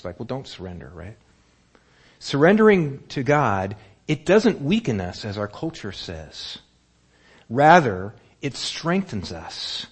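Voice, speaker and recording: A pastor preaching a sermon, telling stories and asking the congregation rhetorical questions. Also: male voice, medium pitch. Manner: animated storytelling, rhetorical questions.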